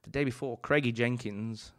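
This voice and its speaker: A man, talking as a guest on a casual podcast. His pitch sits in an ordinary middle range. He tells his stories animatedly, with plenty of swearing and false starts. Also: moderate pace. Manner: animated anecdotes with frequent swearing and restarts. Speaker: chef and author, podcast guest. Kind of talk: casual storytelling chat.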